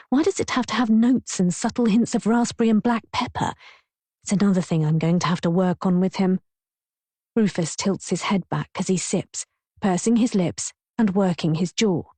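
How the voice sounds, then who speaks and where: A woman's voice: medium pitch, warm tone, slightly rough, no echo. Wry woman narrating an audiobook. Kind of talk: first-person audiobook narration.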